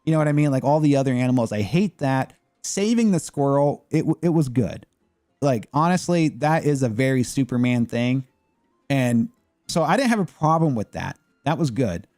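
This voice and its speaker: A man's voice: medium pitch, expressive, normal speed, darkish tone, no room sound, clean studio sound, faint music behind. A man chatting casually as a gaming streamer, rambling and opinionated with lots of fillers. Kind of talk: casual chat.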